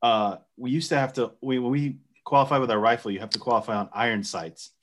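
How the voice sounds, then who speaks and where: A man's voice: mid-range voice, fairly even intonation, quick pace. A man in his forties, an army veteran co-hosting a podcast, making emphatic profane points in casual chat.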